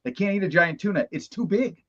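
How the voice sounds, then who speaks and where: A man co-hosting a live stream, joking and arguing loudly in casual chat. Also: high voice, lively intonation, brisk, muffled recording. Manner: boisterous, argumentative joking. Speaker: co-host.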